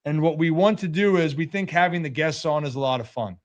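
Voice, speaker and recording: A man's voice: a little high, a little fast, highs cut off. A young man hosting a sports talk show, joking and rambling in casual chat. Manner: joking, rambling, puts on voices. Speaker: host.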